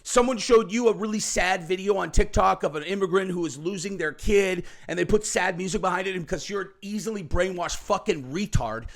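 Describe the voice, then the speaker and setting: A man with a somewhat high-pitched voice hosts a heated political reaction rant. He curses freely and jabs questions at the viewer, and he keeps asking "okay?" and "right?" between points. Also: animated, a little fast, creaky, fairly bright tone. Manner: angry, profane, ranting with frequent "okay?" and "right?". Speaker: political commentary host.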